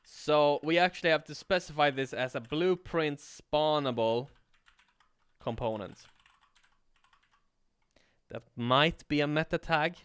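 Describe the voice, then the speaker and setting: A man teaching coding on a livestream in a relaxed way, thinking aloud and swearing casually. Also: a little high, slow pace, long pauses, smooth, dry recording. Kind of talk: casual live coding tutorial.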